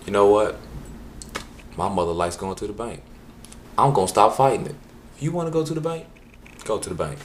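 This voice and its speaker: A man telling a stand-up story in an animated, punchy way, with exasperated asides. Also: lowish voice, fairly quick, long pauses, slight background noise. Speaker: comedian.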